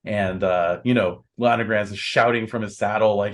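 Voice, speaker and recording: A man narrating as game master of a tabletop game, unhurried, with many fillers and restarts. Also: on the low side, fairly even intonation.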